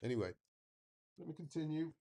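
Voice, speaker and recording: A man's voice: on the high side, lively intonation, brisk, dark tone. A man hosting a reaction video, giving thoughtful commentary and searching for words with many fillers. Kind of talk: reflective commentary.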